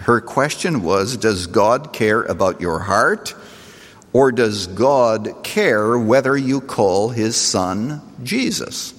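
A pastor delivers his sermon at an ordinary middle pitch. He speaks earnestly, swelling on key phrases and then dropping low and soft. His voice carries the long reverb of a large hall. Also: gravelly, breathy edge.

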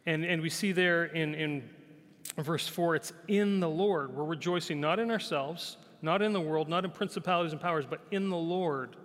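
A male pastor with a slightly high voice preaches a conversational sermon at normal speed. He repeats phrases, often asks "right?", and sometimes sinks to a soft, quiet tone, with long hall reverb around him.

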